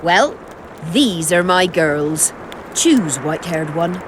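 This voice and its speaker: A shrewd brothel madam who talks brisk business with a lowish, lively voice. Clear noise sits behind her. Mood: businesslike. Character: shrewd brothel madam, middle-aged woman. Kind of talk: video game voice acting.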